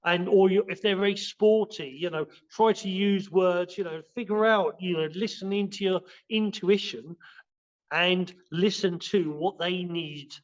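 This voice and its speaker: Male martial arts teacher as a podcast guest; high voice, loose rambling delivery, muffled lo-fi recording. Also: steady tone, normal speed. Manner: rambling, with many restarts and fillers. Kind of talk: casual spoken explanation in a podcast interview.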